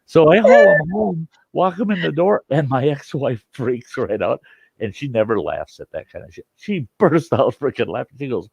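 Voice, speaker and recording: An older man tells a homespun story in a gravelly voice, his pitch rising and falling freely as he chuckles along. His grammar is loose and country. The recording is dull and lo-fi, with a dry, close sound. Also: expressive, normal speed, darkish tone, no echo. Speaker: storytelling host. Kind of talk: casual spoken storytelling.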